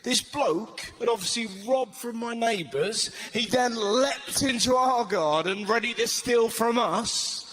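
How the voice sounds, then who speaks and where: Animated stand-up comedian, higher voice. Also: male voice, a little slow, few pauses, slight background noise. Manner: animated, acts out voices, shouted punchlines. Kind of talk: stand-up storytelling. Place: comedy stage before an audience. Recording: live venue with loud audience laughter.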